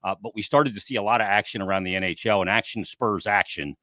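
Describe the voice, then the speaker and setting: A man hosting a casual sports talk show, chatty and lively, leading the conversation and asking his co-host questions. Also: lowish voice, fast, no room sound, clean studio sound. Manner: lively, chatty, opens with an announcer-style intro. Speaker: podcast host.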